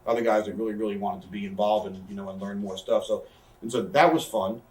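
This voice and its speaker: A man in his thirties telling a backstage story in a casual interview, rambling, animated and swearing. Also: fairly low pitch, fast, reverberant, distant mic, rough recording. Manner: rambling, animated, swears, acts out quoted voices. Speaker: interview guest, wrestler.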